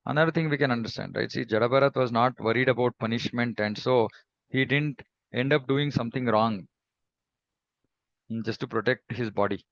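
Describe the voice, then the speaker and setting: Gravelly man teaching scripture. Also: mid-range voice, no echo, lo-fi sound. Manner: reflective, measured, with pauses and hums. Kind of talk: devotional scripture class.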